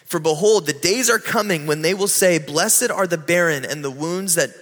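A man preaching a sermon in a conversational way, slowing down and lifting his voice to stress key moments. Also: fairly high pitch, a bit bright, in a large hall. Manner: conversational preaching, slows and rises for emphasis. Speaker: pastor.

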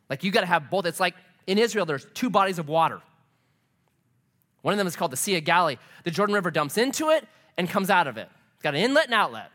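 A male pastor preaches with an animated, storytelling delivery. His voice sits high and swoops widely, with a bright, forceful edge. He keeps it conversational and lively. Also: quick pace. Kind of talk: sermon.

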